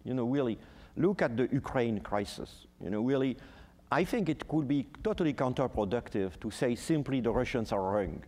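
A French man in his sixties, appearing as a guest ambassador in a panel conversation, speaks with a French accent at medium pitch and a moderate pace. His storytelling is animated yet hesitant, full of fillers, and the recording has a long reverb tail.

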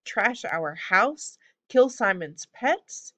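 A woman's voice: lowish voice, measured pace, vocal fry, darkish tone. A woman reading the lines of a hurt, anxious young boy. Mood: accusing. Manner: urgent, hurt.

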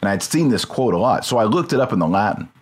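Very low-voiced man musing aloud. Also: animated, fast talker. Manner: thinks aloud, checks terms mid-sentence. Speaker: podcast host. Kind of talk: casual discussion.

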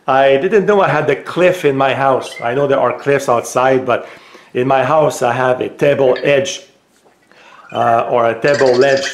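French-accented male tech vlogger, hesitant, faint hiss, room echo. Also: mid-range voice. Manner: hesitant, many filler pauses; raises voice for voice commands. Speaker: tech reviewer. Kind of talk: casual product demo. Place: home room.

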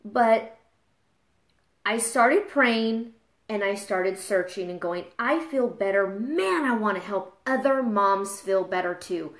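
A woman's voice: medium pitch, lively intonation, takes it slowly. A woman in her thirties, a mom and fitness trainer, talking candidly and confessionally in a casual live video. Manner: candid, confessional, gets emotional. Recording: echoey room.

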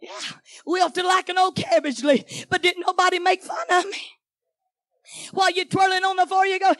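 A middle-aged woman preaches at full cry, her very high voice ringing out in shouts. She punches phrases in a chanting rhythm and fires quick asides at the pews. The sound is close and dry, with almost no room echo. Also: little pitch movement. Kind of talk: fiery Pentecostal sermon. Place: church sanctuary.

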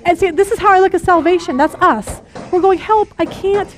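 A middle-aged woman teaching a women's Bible study, earnest and animated, repeating words for emphasis. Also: very high voice, fairly quick.

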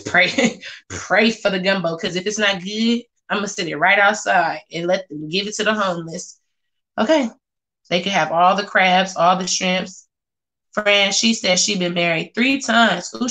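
A vlogger chats casually on a live stream, reading viewer comments aloud and reacting with sass. Her voice is mid-range with a sharp tone.

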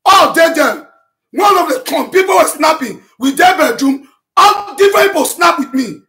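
A man speaking Nigerian Pidgin English in an impassioned, repetitive monologue to his online audience, shouting and breaking into chanted vernacular as he rebuts accusations. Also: very high-pitched, expressive, normal speed. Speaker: self-styled prophet addressing his online audience.

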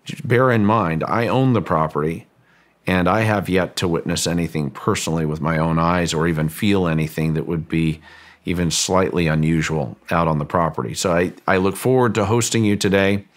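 Deep-voiced man telling a story haltingly. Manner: halting, often repeats words while telling a story. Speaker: guest, ranch owner recounting a story. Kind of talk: interview storytelling.

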